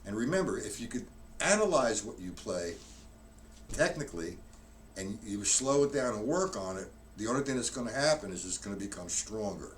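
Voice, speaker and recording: Low-voiced and expressive, a male drum teacher speaks at normal speed while live-streaming a lesson, counting strokes out loud and rambling through technique with frequent restarts. The distant mic in his drum room captures loud hits along with slight background noise.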